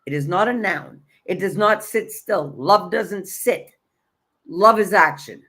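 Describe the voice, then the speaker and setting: A woman's voice: mid-range voice, lively intonation, a little slow, fairly bright tone, slightly rough. A woman coaching on energy and self-love in a blunt, emphatic, repetitive way, swearing casually and restarting her sentences. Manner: conversational, with frequent restarts and fillers. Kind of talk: motivational spiritual talk.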